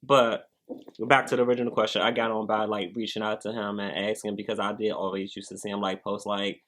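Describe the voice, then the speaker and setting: A man's voice: fairly low pitch, brisk. A young adult man, a cast member, chatting casually in an interview, rambling with lots of filler words. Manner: relaxed, rambling, heavy use of "like" fillers.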